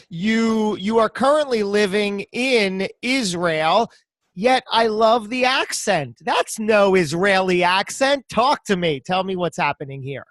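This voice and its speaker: High-voiced enthusiastic male podcast host. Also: a bit bright, dry recording, clean studio sound. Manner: enthusiastic, effusive. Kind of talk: interview hosting.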